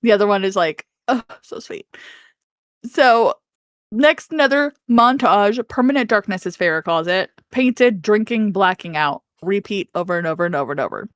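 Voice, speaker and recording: A woman co-hosting a podcast, casually recapping a fantasy novel with animated storytelling, frequent laughs and playful swearing. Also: mid-range voice, moderate pace, no room sound, studio quality. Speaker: podcast co-host.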